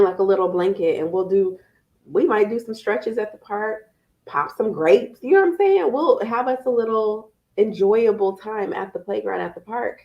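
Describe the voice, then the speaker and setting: A woman talks parents through tips on a live stream, lively and conversational with playful asides. Her voice sits at an everyday middle pitch. The audio is a bit dull. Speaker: parenting educator. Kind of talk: live-stream talk to viewers.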